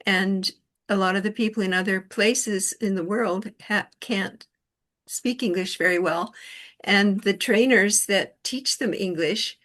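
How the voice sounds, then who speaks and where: A woman hosts a casual talk recorded over an online call. She tells stories in an easy, chatty way at a middling pitch. She laughs often as she talks. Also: unhurried, a bit bright. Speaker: host.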